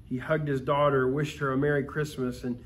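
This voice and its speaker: A man reading a Christmas story aloud in a calm, expressive storytelling manner, with occasional small slips. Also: mid-range voice, brisk, slight background noise. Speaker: story reader.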